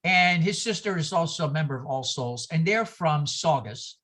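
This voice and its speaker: An older man from New York leads a class over a video call. His voice is bright and ringing, and his pitch swings widely as he talks. He is animated and digressive, slipping into anecdotes and asides. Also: moderate pace. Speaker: minister teaching a class.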